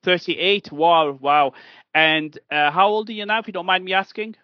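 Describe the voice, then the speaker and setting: A man with a slightly raised pitch hosts a relaxed podcast conversation, stumbling through plenty of fillers and restarts. The recording is dry and a little muffled. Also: moderate pace, no room sound. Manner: hesitant, many fillers and restarts. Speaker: podcast host. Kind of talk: casual podcast chat. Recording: dull lo-fi dry sound.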